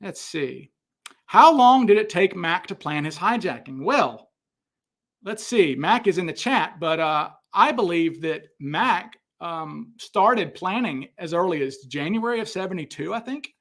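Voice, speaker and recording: A middle-aged man hosting a casual question-and-answer stream, telling anecdotes in an animated way with many fillers and restarts. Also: high-pitched, unhurried. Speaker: host answering viewer questions. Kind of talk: casual livestream Q&A.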